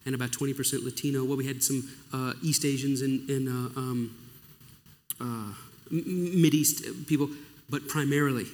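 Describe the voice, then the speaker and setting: Man preaching in a reverberant hall. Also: medium pitch. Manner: emotional storytelling with acted-out dialogue. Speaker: pastor. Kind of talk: sermon testimony. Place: church or conference hall. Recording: long reverb of a large hall.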